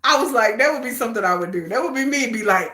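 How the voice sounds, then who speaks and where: Woman livestream host, very lively bright voice, echoey room. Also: a little high, quick pace. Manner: animated, laughing, gushing, acts out quotes. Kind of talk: casual livestream chat.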